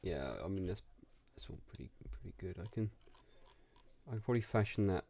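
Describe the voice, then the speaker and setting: Deep-voiced man rambling in the studio. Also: animated, fairly quick, dark tone, faint music behind. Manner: rambling, self-interrupting, repeats words. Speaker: music producer coaching a singer. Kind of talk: casual studio session feedback.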